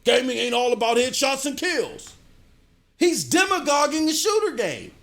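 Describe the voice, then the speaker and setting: A middle-aged man streaming games, ranting and answering his chat in an animated way. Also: very high-pitched, moderate pace. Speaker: gaming streamer. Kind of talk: livestream commentary, answering chat.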